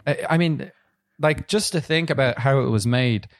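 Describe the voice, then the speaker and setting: A man co-hosting a podcast, talking casually about films in a rambling, halting way with frequent fillers. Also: medium pitch. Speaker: podcast co-host. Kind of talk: casual film review chat.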